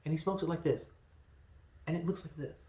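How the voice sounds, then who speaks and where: A man in his thirties hosting a casual movie review, rambling and animated, slipping into quoted lines as he goes. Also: on the high side, a little fast, echoey room. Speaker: podcast host reviewing films.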